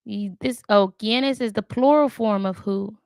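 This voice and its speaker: A woman vlogging her language study in casual chat, thinking aloud, talking to her viewers and trying out words carefully and haltingly. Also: mid-range voice, creaky, a little mellow, smooth, no room sound. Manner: thinks aloud, chatty, talks to viewers as "y'all".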